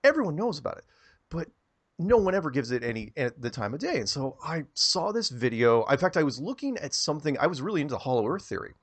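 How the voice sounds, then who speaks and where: A man telling a long story as an interview guest, rambling and animated, often repeating words as he starts a sentence. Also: fairly high pitch, quick pace.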